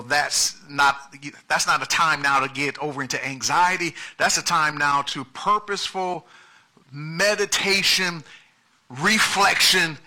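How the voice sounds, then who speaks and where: A pastor preaching a lively sermon, shifting from quiet asides to loud, emphatic calls. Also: male voice, fairly high pitch.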